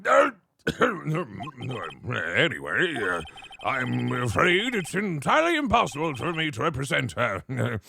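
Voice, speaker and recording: A man's voice: medium pitch, huge pitch swings, takes it slowly, sharp tone, a little hiss or hum, full character voice. A man voicing a grumbly, pompous older male lawyer who drawls, hesitates and chuckles. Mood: gruff. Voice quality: gravelly, grumbly. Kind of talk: streamer voicing game dialogue.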